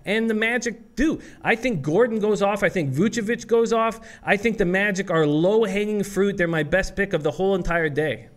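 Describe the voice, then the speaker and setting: A man co-hosting a sports betting show, giving his picks and reeling off statistics in a steady, prepared way. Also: sits high, normal speed, hardly any pauses.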